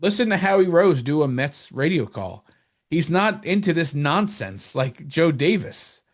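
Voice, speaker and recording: A man from New Jersey co-hosting a podcast, chatting casually and animatedly about sports, rambling and jumping higher when he mocks someone. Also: unhurried. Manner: animated, rambling, jumps up in pitch when mocking. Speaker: podcast co-host.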